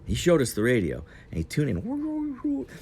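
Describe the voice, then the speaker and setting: A man's voice: on the high side, huge pitch swings, darkish tone, slight background noise. A man telling a casual, meandering travel story on an outdoor patio. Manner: meandering, digressive, unhurried.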